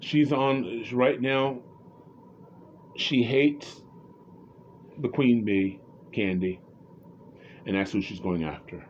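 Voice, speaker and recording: A man's voice: medium pitch, slow pace, long pauses, dull audio, slight background noise. A man commenting on reality TV in a casual, rambling, opinionated way, often restarting his sentences.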